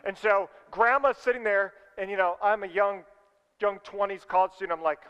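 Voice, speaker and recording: Middle-aged male pastor, high and smooth, animated storyteller in a sermon, long reverb. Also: fast, dull audio. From California. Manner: animated storyteller, acts out his own voice.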